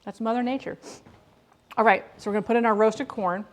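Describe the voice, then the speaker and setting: A woman's voice: on the high side, steady tone, a little fast, crowd noise. Chatty woman rambling while she cooks. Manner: chatty and rambling, with frequent restarts. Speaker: streamer cooking live. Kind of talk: casual live-stream chat while cooking. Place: home kitchen.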